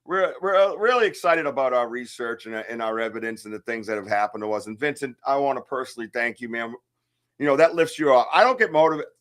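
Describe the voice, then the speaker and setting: A man's voice: medium pitch, fairly bright tone. A man with an American accent co-hosting a casual live stream, hyper and rambling as he greets viewers by name. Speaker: co-host of a live research stream.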